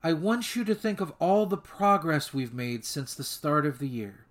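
A man voicing a calm female therapist who speaks in a soothing, reassuring way. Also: fairly high pitch, normal speed, lightly acted.

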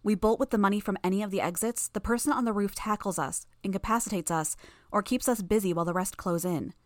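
A woman voicing a sharp-tongued, smug teenage girl villain who rattles off quick explanations in a storybook reading. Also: medium pitch, dry recording, studio quality, close to an everyday voice. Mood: knowing, urgent.

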